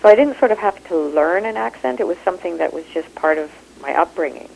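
Woman, Canadian accent, low voice, animated and expressive, interview chat, phone-line sound. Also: fast, creaky, slightly rough. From Kenya. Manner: animated, expressive, laughs easily. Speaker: actor and improv teacher. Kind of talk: interview conversation.

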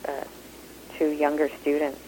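A Kenyan-born woman with a Canadian accent, an actor and improv teacher talking in an animated, expressive way in an interview. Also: low voice, moderate pace, low-quality recording. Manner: animated, expressive, laughs easily. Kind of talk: interview conversation.

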